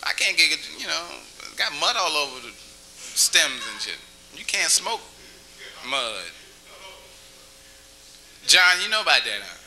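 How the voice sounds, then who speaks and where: Slow and full of frequent pauses, this man's fairly high voice swings widely in pitch, sounding bright and forceful on a rough recording. He's doing stand-up with crowd work in a small cafe, chatting, teasing people with questions, sometimes crooning a tune.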